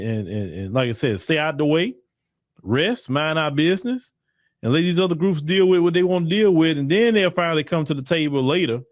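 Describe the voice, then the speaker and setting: A man's voice: fairly high pitch, no echo, studio quality. A man giving blunt, emphatic opinion commentary in casual slang, often repeating himself for emphasis. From United States. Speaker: commentary channel host.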